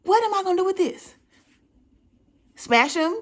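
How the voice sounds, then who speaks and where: Animated high-voiced young woman telling a story. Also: normal speed. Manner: animated, conversational, keeps asking the listener "right?". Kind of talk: comedic storytime.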